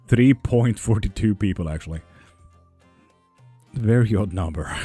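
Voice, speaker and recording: Low, mellow-voiced man chatting on a stream. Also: normal speed, long pauses, breathy edge, no room sound, soft background music. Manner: joking, swears casually, rambling. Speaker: live tarot stream host. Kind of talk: casual live-stream chat, reading comments.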